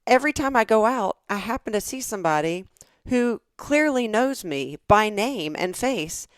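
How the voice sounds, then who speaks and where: A middle-aged woman from the southern United States co-hosting a podcast, telling stories in a lively chatty way and acting out the voices she quotes. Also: on the high side, normal speed, no echo. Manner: animated storyteller, acts out quoted voices. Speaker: podcast co-host. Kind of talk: casual chat.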